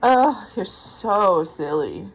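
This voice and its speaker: A woman's voice: mid-range voice, expressive, extremely slow, husky, soft background music, rough recording. A woman chatting casually with a friend, teasing and amused. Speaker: friend and co-commentator. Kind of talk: casual chat.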